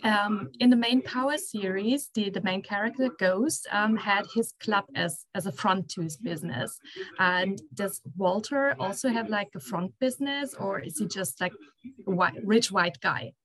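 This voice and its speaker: A woman's voice: mid-range voice, normal speed, fairly bright tone, poor audio. A woman interviewing an actor, asking long questions with many fillers.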